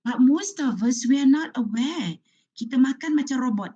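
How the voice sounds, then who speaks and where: A middle-aged woman with a Malaysian accent gives a lecture on counselling. She tells stories in an animated way and often slips into Malay. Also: high voice, moderate pace, husky. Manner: animated storytelling, code-switching into Malay. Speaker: guest speaker, counselling lecturer. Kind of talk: lecture to students. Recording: slightly muffled lo-fi audio.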